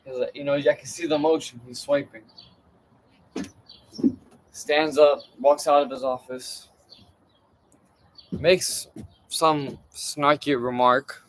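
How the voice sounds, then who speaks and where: A young man telling a story from his day in a casual, animated way, swearing and using lots of fillers. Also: fairly high pitch, slow pace, long pauses. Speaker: streamer.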